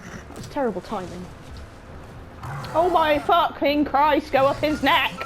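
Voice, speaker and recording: A young woman, commentating on a game she is playing, excitable and swearing often, with a sore throat. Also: high voice, a little slow, over music, poor audio. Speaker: game streamer. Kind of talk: let's-play commentary.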